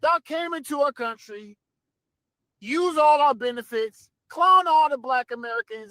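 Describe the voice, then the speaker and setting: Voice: high voice, animated, measured pace, bright, forceful tone, no room sound, studio quality. A speaker in a played commentary clip, ranting in a confrontational way.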